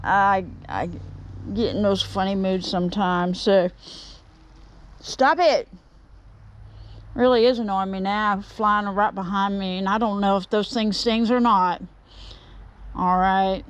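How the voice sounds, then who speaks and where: A woman's voice: medium pitch, slow, pauses often, clear, resonant tone. A woman chatting and rambling to viewers as she works in an outdoor workshop. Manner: chatty and rambling, talks to viewers and shoos a bee. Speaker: woodturning vlogger. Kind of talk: casual chat while working in a workshop.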